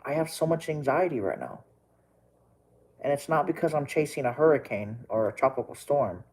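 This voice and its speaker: Husky tearful man ranting. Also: mid-range voice, animated, normal speed, poor audio. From Texas. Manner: rambling, repeats himself, tearful and agitated. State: crying. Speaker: storm chaser vlogger. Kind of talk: emotional vlog rant.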